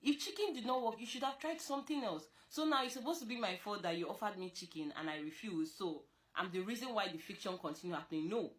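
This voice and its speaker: A young woman, talking in an animated, scolding way, repeating her points and jumping up in pitch when she insists. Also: fast talker, hardly any pauses. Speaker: girlfriend in a couple argument. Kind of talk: casual heated monologue.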